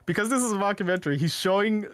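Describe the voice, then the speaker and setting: Excitable young man rambling in a dry room. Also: sits high, very fast, no echo. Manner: excited, rambling retelling with laughs. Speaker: podcast co-host. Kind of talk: casual chat.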